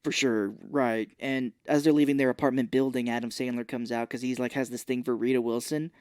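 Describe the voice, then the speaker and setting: A man's voice: mid-range voice, fairly even intonation, brisk, a little mellow, smooth, no room sound, clean studio sound. A man co-hosting a podcast, casually recapping a movie's plot and acting out the characters' lines. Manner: retells scenes, acting out quoted lines. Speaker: podcast co-host. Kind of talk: casual film recap chat.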